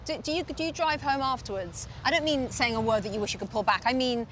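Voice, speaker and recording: A woman from England interviewing in a casual walking chat, eager and probing with quick affirmations. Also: fairly high pitch, a bit bright, slight background noise. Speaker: sports broadcaster and interviewer. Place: city park outdoors with traffic.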